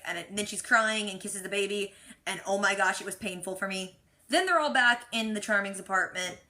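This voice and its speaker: Bright-voiced chatty woman recapping TV. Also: mid-range voice. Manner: chatty, frank and opinionated, with casual slang. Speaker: reaction vlogger. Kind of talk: casual TV episode recap.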